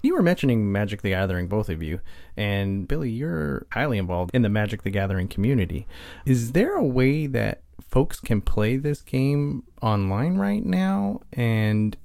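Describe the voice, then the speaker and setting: A man's voice: on the low side, big pitch swings, moderate pace, a little mellow, dry recording. A man hosting a casual podcast and asking his guests friendly questions. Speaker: host.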